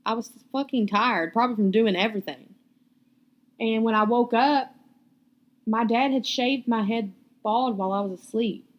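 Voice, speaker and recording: A woman's voice: a little high, moderate pace, lo-fi sound. A young woman, hosting a podcast and telling a personal story in a blunt, profane, candid way. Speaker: podcast host.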